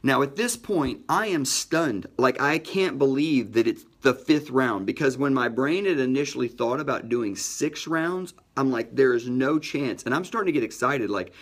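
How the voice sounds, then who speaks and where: A middle-aged man hosting a motivational podcast, telling a personal story with energy and emphatic shifts in pitch and pace. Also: expressive, moderate pace.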